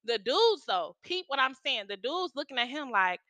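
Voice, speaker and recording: A woman's voice: high-pitched, very animated, normal speed, bright, forceful tone, dry recording. A young woman telling a story in a casual vlog, with lots of slang and profanity. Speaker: storytime vlogger.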